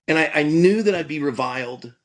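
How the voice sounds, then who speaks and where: The audio is poor, but you can hear a pastor, a middle-aged man with a fairly high, expressive voice, speaking fairly quickly. He earnestly tells a personal story in conversation, frequently restarting and stammering over repeated words.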